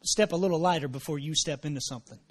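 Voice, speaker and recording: A man preaching a sermon, repeating his phrases and dropping in praise exclamations, moving from low murmurs to shouted emphasis. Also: fast, slightly rough. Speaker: pastor.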